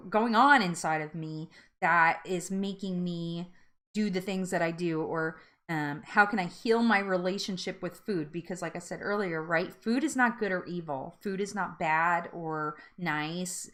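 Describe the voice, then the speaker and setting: A woman's voice: on the low side, unhurried, a bit bright. An earnest woman hosting a casual live weight loss support chat, talking with many fillers and restarts. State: teary and laughing through tears.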